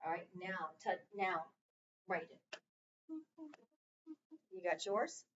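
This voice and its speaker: A woman's voice: on the low side, fairly even intonation, takes it slowly, a bit bright, lo-fi sound, a little hiss or hum. Woman teacher, distant classroom recording. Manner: patient, prompting with fill-in questions. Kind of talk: classroom phonics lesson.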